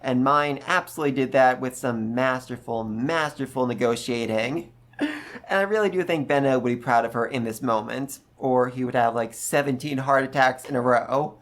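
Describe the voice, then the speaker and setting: Animated man recapping a book. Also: mid-range voice, normal speed. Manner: animated, jumps into quoted voices. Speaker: book review host. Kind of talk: casual recap video.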